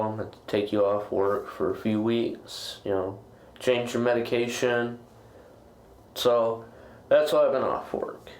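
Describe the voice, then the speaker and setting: A man chatting as a podcast guest, talking in a rambling, halting way with frequent restarts. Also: medium pitch, reverberant. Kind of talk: casual chat.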